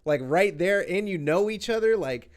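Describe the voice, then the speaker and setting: A man's voice: high voice, expressive, moderate pace. A man hosting a podcast in casual interview chat, laid-back, slangy and profane. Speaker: podcast host.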